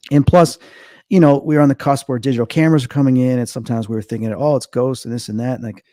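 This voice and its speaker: A man in his fifties from Chicago, a medium being interviewed, telling stories quickly and acting out quoted dialogue. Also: no echo, studio quality. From Chicago, USA. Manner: fast, animated, acts out quoted dialogue with big pitch jumps. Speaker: guest, medium and paranormal investigator. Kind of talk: casual interview storytelling.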